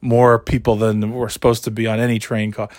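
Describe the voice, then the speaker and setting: A man's voice: on the low side, little pitch movement, brisk, a little mellow, no room sound, clean studio sound. Scratchy-throated man rambling on his podcast. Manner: rambling, self-mocking, swears casually. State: scratchy throat after illness. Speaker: podcast host. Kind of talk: casual solo podcast chat.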